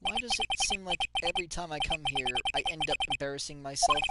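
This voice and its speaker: A man's voice: on the high side, wildly swooping pitch, fast, very noisy. A man hosting a game playthrough, reading the dialogue aloud in a casual, conversational way. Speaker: let's play host reading all parts. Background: loud game music.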